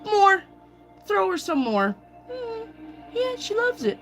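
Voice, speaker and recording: A woman's voice: big pitch swings, takes it slowly, fairly bright tone, soft background music, full character voice. A woman voicing the universe as a gleeful cosmic giver eager to hand out more. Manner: high squealing delighted voice.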